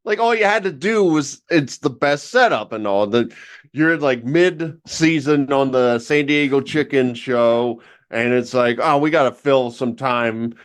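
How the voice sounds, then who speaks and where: A man's voice: medium pitch, unhurried, clear, resonant tone. A man co-hosting a podcast, telling a rambling, filler-heavy comic story in casual banter. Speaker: podcast co-host.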